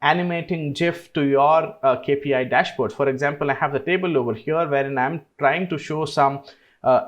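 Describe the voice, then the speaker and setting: A tutorial host with a mid-range voice walks through a screen-recorded software tutorial. He explains each step in a relaxed way, saying "uh" frequently.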